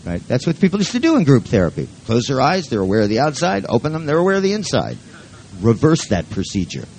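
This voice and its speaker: A man's voice: mid-range voice, huge pitch swings, quick pace, a little mellow, poor audio. A man leading a live workshop who talks in a rambling, joking and profane way. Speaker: seminar leader.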